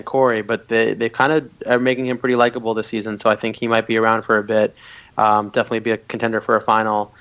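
A man's voice: mid-range voice, fairly bright tone, clear, resonant tone, dull audio. A man co-hosting a podcast, chatting casually and hesitantly with stumbling restarts. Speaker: podcast co-host. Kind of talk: casual chat about a reality show.

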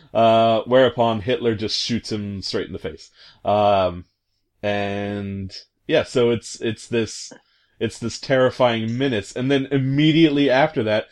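A man's voice: lowish voice, fairly even intonation, slow, darkish tone. A man casually retelling a video game scene, rambling and hesitant, full of fillers and amused asides. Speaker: commentator recounting a video game.

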